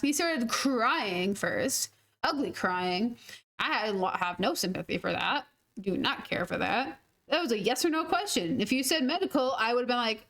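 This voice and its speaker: High-voiced chatty woman. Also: normal speed. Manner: chatty, animated, laughs and swears freely. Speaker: gaming streamer. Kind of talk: casual storytelling while gaming.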